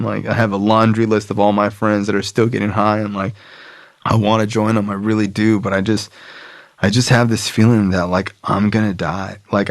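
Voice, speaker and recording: A man's voice: fairly low pitch, no echo. A man from South Florida, a podcast guest, telling his own story frankly and loosely, with plenty of filler words and swearing. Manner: frank, loose, heavy use of "like" and profanity. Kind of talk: candid personal storytelling.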